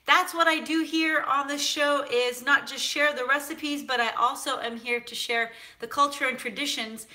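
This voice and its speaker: A woman from San Francisco hosts a cooking show, chatting casually in a live stream as she reads viewer comments, animated and full of fillers. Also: high-pitched, normal speed, few pauses. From United States (San Francisco).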